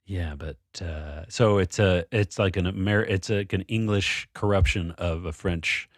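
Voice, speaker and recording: A man's voice: low-pitched, unhurried, no echo, clean studio sound. A man co-hosting a casual chat about a word puzzle, thinking aloud and restarting his sentences often. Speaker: co-host solving a word puzzle.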